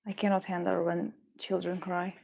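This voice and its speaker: A woman making beadwork on a live stream grumbles and rambles, cursing every so often in her frustration. Her voice sits low, slightly mellow, with noticeable vocal fry.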